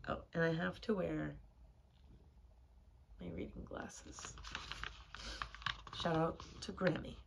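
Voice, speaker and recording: A young woman reading a children's book aloud at home, speaking slowly and gently in a slightly low voice. Her soft, unhurried talk carries a faint hum of room noise behind it. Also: gravelly. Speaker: home reader. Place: home corner indoors.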